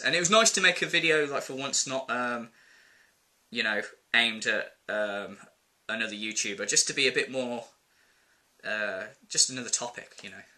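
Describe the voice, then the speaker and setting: A man's voice: mid-range voice, sharp tone. A man ranting casually to camera in a vlog, exasperated and rambling, with plenty of filler words. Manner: exasperated, rambling, quotes people in put-on voices. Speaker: vlogger.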